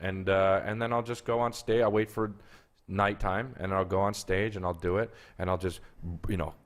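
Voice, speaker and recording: A man bickering in comedic banter, deadpan, defensive and put-upon. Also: low-pitched, moderate pace. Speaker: comedian guest.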